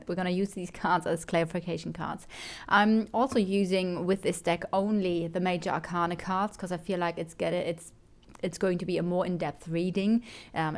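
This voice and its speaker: A woman gives a tarot reading in a slightly lower voice. She chats and corrects herself as she goes, then murmurs her questions over and over while pulling cards. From Germany. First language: German. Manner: chatty, self-correcting, softly repeats questions while drawing cards. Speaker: tarot reader.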